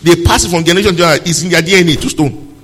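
A man's voice: a little high, rapid-fire, a bit bright, husky, big-room sound. A male pastor preaching a sermon, reading scripture aloud and firing rhetorical questions at his congregation.

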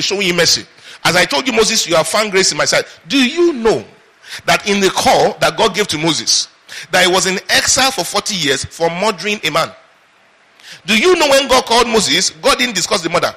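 A man's voice: sits high, sharp tone. A man preaching a sermon, quizzing his congregation with call-and-response questions.

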